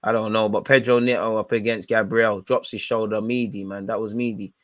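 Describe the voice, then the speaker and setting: A man's voice: on the low side, level tone, fairly quick, dry recording. A young man giving blunt, slangy, frustrated running commentary while watching a football match live. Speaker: football fan channel host.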